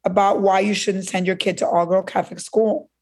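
A woman's voice: mid-range voice, fairly quick. A woman from Cuba telling a story as a guest in a conversation, acting out the voices she quotes. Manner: animated, acts out quoted voices.

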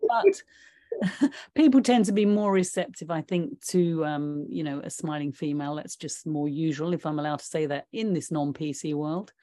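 A woman's voice: deep voice, animated, moderate pace, mellow. A woman interviewing an old acquaintance, prompting him with shared memories and laughing lightly. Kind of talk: conversational interview.

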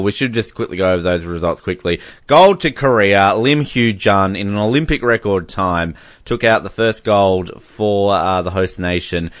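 A man's voice: on the low side, a bit bright, dry recording, clean studio sound. A man from Australia casually reading sports results on a podcast. He jokes, laughs often and stumbles over foreign names. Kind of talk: casual chat.

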